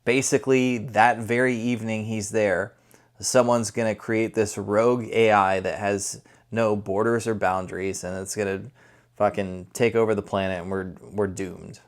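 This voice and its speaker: A man's voice: fairly low pitch, little pitch movement, moderate pace. A man giving a casual spoken movie review, conversational and rambling, often correcting himself as he goes. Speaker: film reviewer.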